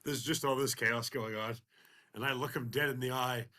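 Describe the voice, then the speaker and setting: A man's voice: mid-range voice, steady tone, measured pace, bright, forceful tone. A man taking his turn as a player in a tabletop game, laid-back and wry.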